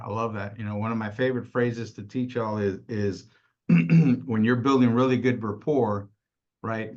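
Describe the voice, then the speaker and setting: A man leading a casual sales training, animated, laughing often and tagging nearly every point with "right?". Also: mid-range voice. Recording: slightly dull lo-fi audio.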